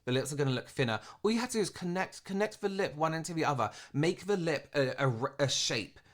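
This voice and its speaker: A man's voice: a little high, animated, fast, a bit bright. A man, a professional makeup artist, giving a frank, rambling critique in a reaction video.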